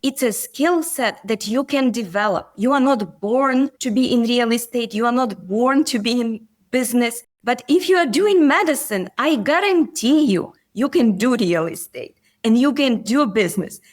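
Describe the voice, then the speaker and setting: A woman's voice: fairly high pitch, expressive, moderate pace, few pauses. A middle-aged woman, a physician and coach, telling stories earnestly in a podcast interview. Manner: earnest, storytelling, occasional grammar slips.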